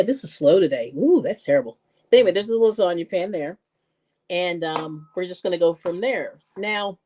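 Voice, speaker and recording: A woman hosting a live-stream cooking show, chatting casually, laughing often and greeting viewers with excited squeals. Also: on the low side.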